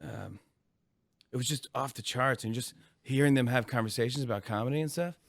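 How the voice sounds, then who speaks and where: A man in his forties, a comedian guest in an interview, telling animated stories, acting out voices and laughing often. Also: medium pitch, a little fast. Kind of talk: casual interview chat.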